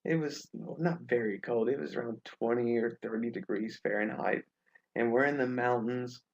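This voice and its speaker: A young English teacher from Alabama, USA, tells stories in a casual online class, friendly and chatty with loads of fillers. His medium-pitched voice is creaky, fairly even in intonation, at a moderate pace, and the sound is lo-fi.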